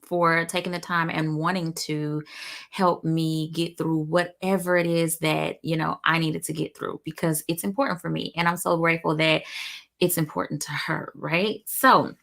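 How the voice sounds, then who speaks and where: A woman's voice: low-pitched, fairly even intonation, moderate pace, vocal fry, a bit bright. A woman hosting a live show in casual chat, upbeat and talkative, calling her viewers y'all.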